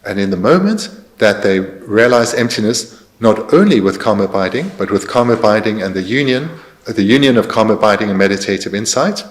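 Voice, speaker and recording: A man translating a Buddhist dharma teaching in a careful, measured way, pausing with fillers as he searches for precise terms. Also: on the low side. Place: meditation centre teaching hall.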